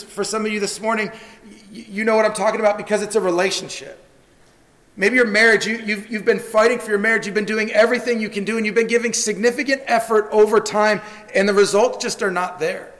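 High-voiced male pastor in an echoing hall. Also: fairly bright tone. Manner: earnest, repeats words when starting phrases. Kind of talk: sermon. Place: church sanctuary. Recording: long reverb of a church hall.

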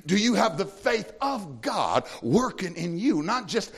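A man preaching a sermon, swinging between shouted sing-song praise and slow, deliberate scripture reading. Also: big pitch swings, slightly rough. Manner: builds to shouted, sing-song praise then drops to a low teaching tone; reads scripture slowly and deliberately. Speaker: pastor.

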